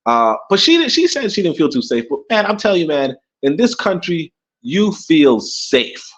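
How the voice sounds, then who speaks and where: A Caribbean-born man co-hosting a casual talk show, rambling and animated, with many restarts and laughs. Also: sits high, brisk, dull audio. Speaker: podcast co-host. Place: in Africa.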